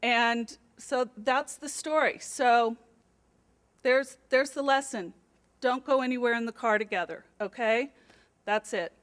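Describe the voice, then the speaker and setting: A middle-aged woman, an office administrator, recounts an awkward episode to her coworkers in a casual recorded message. Her voice sits high, and she talks in a chatty, animated, self-deprecating way. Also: a little slow, smooth. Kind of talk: casual storytelling to camera.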